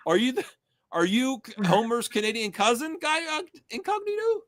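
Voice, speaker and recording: A man hosting a live stream in casual chat, excitable and quick to laugh. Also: extremely high pitch, dry recording, studio quality. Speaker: stream host.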